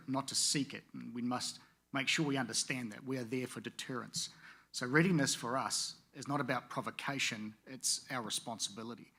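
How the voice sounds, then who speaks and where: A man in his forties from the Pacific Islands gives a formal panel speech with a bright, forceful voice. He is measured and fills his pauses with "uh". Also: mid-range voice, husky. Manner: measured, with frequent "uh" fillers. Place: conference venue.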